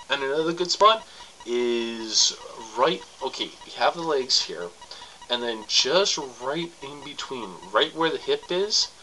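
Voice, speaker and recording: A young man rambles through crude advice in a bright, tense voice, breaking off with coughs and laughs. The recording carries a faint background hiss. He sounds loose and unscripted. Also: medium pitch, poor audio. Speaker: vlogger giving sex tips. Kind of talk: casual to-camera advice.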